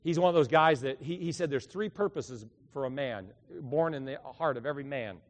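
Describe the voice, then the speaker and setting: A middle-aged man preaching a sermon in a church, swinging between loud, fervent bursts and quiet, confiding asides. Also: mid-range voice, a little fast. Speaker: pastor. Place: church sanctuary. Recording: echoey church hall.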